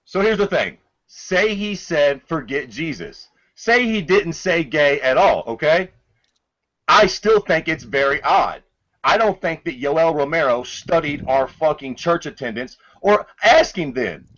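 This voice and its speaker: A man's voice: fairly high pitch, animated, unhurried, fairly bright tone. A man co-hosting a podcast, arguing in a heated, profane, incredulous way. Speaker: podcast co-host. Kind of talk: casual argumentative chat. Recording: dull lo-fi audio.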